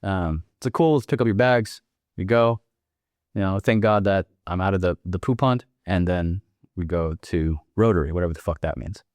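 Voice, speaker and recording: A young man telling a casual, profane story, acting out the dialogue and jumping higher when he quotes himself. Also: moderate pace, darkish tone, no echo, clean studio sound. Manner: swearing freely, acting out dialogue. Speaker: guest.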